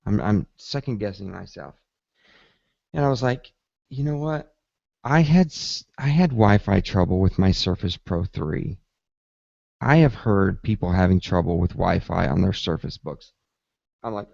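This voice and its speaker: A lower-voiced man hosts a casual tech podcast and tells his story with animated energy, acting out his own reactions. The sound is dry and close, a little dull and lo-fi. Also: measured pace, gravelly, dry recording. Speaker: podcast host.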